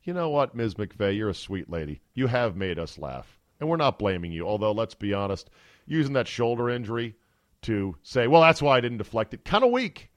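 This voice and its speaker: A male sports talk host riffs in a casual, wry and sarcastic way, at a middle pitch. His voice is heard close and dry, with no room sound around it. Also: big pitch swings, brisk, no echo.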